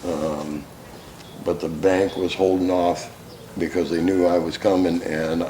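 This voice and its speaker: A man's voice: deep voice, flat delivery, a little slow, dark tone, slight background noise. An older man telling war stories at a talk, folksy and profane, often breaking into laughter. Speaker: speaker, war veteran. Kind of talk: storytelling talk. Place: theater school hall. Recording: roomy hall with faint ambience.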